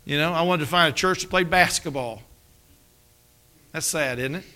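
A man preaching a sermon, telling his own story and acting out the dialogue, dropping to a hush at tense moments. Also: a little high, moderate pace. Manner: storytelling, acts out dialogue with dramatic drops to a hush. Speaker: pastor. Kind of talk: sermon with personal testimony.

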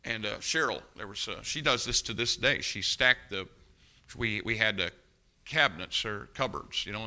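Older male preacher with a bright, sharp voice. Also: medium pitch. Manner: folksy storytelling, rising to loud emphatic preaching. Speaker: pastor. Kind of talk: sermon.

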